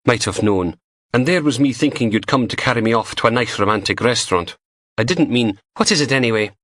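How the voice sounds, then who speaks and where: A cheeky young forensic tech woman with a dry, deadpan wit, as a male audiobook narrator puts her on. Her voice sits well above his low natural register and swings freely through her lines. The sound is close and dry, with no room around it. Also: fairly quick, dry recording, close to an everyday voice. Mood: teasing. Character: punky young female forensic tech, teasing.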